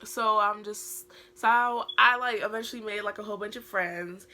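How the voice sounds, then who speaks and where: British teenage girl, rambling storytime vlogger, crisp bright tone, lots of fillers. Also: mid-range voice, moderate pace. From Britain. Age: teens. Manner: rambling, heavy use of filler words. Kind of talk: casual storytime vlog.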